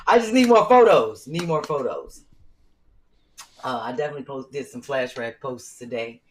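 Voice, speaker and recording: A woman co-hosting a comedy podcast in casual chat, telling animated stories and acting out what people said. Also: extremely low pitch, normal speed, a little hiss or hum, rough recording. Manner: animated storytelling, acts out quotes. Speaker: podcast co-host.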